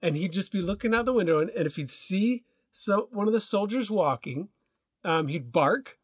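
A man co-hosting a podcast tells stories in casual conversation, loose, relaxed and rambling with many restarts. His voice sits high and sounds husky at a normal speed, recorded in studio quality with no room sound.

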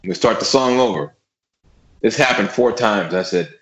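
A man's voice: fairly low pitch, normal speed, highs cut off. A man who plays drums, chatting casually in a podcast. He swears freely, repeats his words and acts out what he once said. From Austin, Texas. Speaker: guest drummer. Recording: echoey room.

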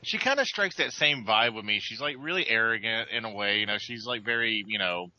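A man's voice: on the low side, lively intonation, brisk, pushed and bright, no echo. A man co-hosting a casual podcast chat, rambling with lots of stammered restarts. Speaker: podcast co-host. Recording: dull lo-fi sound.

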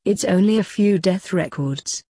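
A woman's voice: mid-range voice, unhurried, dark tone, slightly rough, no room sound, clean studio sound. A woman voicing a grumpy, ancient male doctor who grumbles wearily. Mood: grumbling. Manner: grumbling and weary.

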